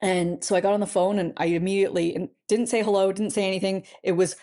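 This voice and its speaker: A middle-aged woman, a podcast guest telling a personal story in a halting, earnest way full of "you know" fillers. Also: lowish voice, level tone, a little mellow. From Canada.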